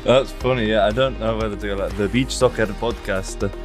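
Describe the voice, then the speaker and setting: A man's voice: on the low side, steady tone, fairly quick, music in the background. A man with a Northern English accent, co-hosting a podcast in easygoing casual chat. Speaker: podcast co-host.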